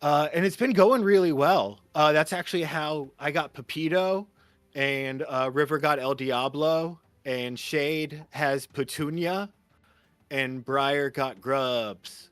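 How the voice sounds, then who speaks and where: A man's voice: a little high, slow, fairly bright tone, dry recording. A man voicing a cheerful young orphan girl in a tabletop game, upbeat and chatty with hesitant ums.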